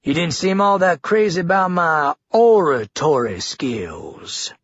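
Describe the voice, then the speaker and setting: A man voicing a menacing one-armed male town leader with a gravelly Georgia twang and exaggerated, theatrical enunciation, pitched higher and louder than his own husky voice. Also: animated, a little slow, no echo, lo-fi sound, exaggerated voice. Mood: sardonic, menacing.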